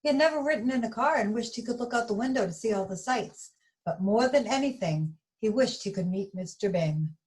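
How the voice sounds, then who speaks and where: A woman reading a bedtime story aloud in a gentle, expressive way. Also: on the high side, brisk, low-quality recording.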